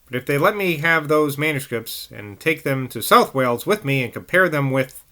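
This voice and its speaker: A man's voice: a little high, lively intonation, normal speed, bright, forceful tone. A man voicing an intense, humorless scholarly man who talks emphatically, in a novel reading. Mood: excited. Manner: emphatic, breaks into eager outbursts.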